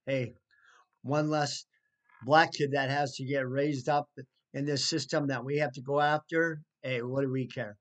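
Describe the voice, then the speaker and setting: A man telling a personal story in a casual, indignant way, with sarcastic asides and halting restarts. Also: mid-range voice, fairly even intonation, fairly bright tone. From United States. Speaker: storyteller recounting trouble with neighbors. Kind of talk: casual spoken storytelling to camera.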